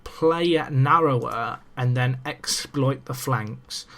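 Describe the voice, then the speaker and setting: A young man in casual let's-play commentary, chatty and excitable with self-mocking asides, talking into a desk microphone. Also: medium pitch, slow. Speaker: gaming commentator.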